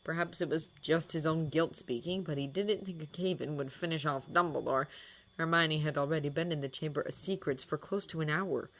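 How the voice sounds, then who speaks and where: A woman narrating a fan fiction audiobook with expressive, dramatic storytelling. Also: low voice, a little fast.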